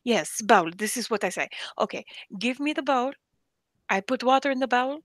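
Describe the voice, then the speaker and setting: A woman's voice: fairly high pitch, expressive, moderate pace, dry recording, voice pushed up, close to an everyday voice. A woman putting on a bossy male restaurant manager with a heavy foreign accent and broken English. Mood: insistent. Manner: insistent, exasperated, broken English. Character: gruff middle-aged male restaurant boss with a thick foreign accent.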